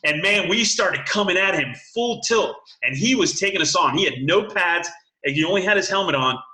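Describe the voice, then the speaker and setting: Bright-voiced man in his late forties. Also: high voice, fairly quick, rough recording. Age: late 40s. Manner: animated storyteller, acts out quotes, laughs often. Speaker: high school football coach, guest. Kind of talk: casual interview storytelling.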